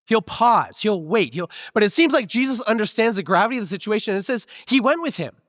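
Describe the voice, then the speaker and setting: A man with a fairly high voice preaches a sermon in an easygoing, conversational way, mixing in stories from his own life. His voice sits close to the mic while a long church-hall reverb trails behind it. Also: lively intonation, quick pace, a bit bright. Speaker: pastor. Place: church sanctuary.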